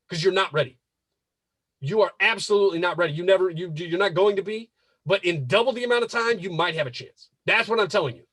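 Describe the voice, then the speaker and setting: A man's voice: high-pitched, fairly bright tone, slightly rough, no echo. A man hosting a podcast, ranting casually with emphatic, repetitive and profane advice. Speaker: podcast host.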